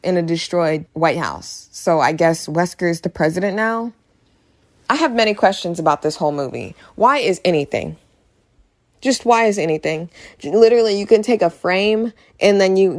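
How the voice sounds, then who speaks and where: A woman with a slightly low voice vents about a film in a loose, chatty review. She sounds exasperated and sarcastic, circling back to the same complaints over and over for emphasis. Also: darkish tone. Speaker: movie reviewer. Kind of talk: casual ranting review.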